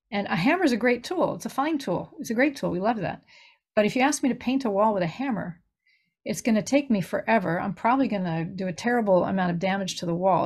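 A woman's voice: mid-range voice, a little mellow. Earnest middle-aged woman telling stories. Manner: earnest storytelling, acts out quoted voices. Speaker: grief recovery minister. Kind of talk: conversational podcast interview.

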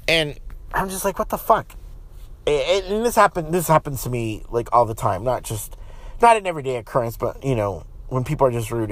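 A man talking into a close, dry podcast mic, venting about rude people with frequent curses and tangled restarts. His pitch sits in the middle range, and he moves from heated complaint to a quieter, more thankful tone. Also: no echo. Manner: profane, rambling, frequent restarts; heated and exasperated, then calmer and lower. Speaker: podcast host. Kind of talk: casual solo podcast rant.

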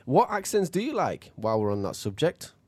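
A man's voice: a little high, huge pitch swings, fairly quick, darkish tone, no room sound. A man hosting a casual chat, playful and teasing, and often laughing.

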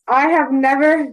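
Animated young woman telling stories, high voice. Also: rough recording. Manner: rambling, animated storytelling with frequent swearing and laughter. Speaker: podcast co-host. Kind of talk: casual chat.

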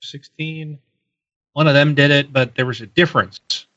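Bright-voiced man on a dull mic. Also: fairly high pitch, normal speed. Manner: chatty, hesitant with ums. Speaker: podcast co-host. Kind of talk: casual chat.

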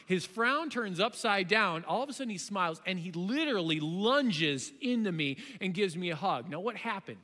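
A man in his thirties preaching a sermon, impassioned, shifting between loud emphasis and quiet storytelling. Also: high voice. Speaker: pastor. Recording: long hall reverb.

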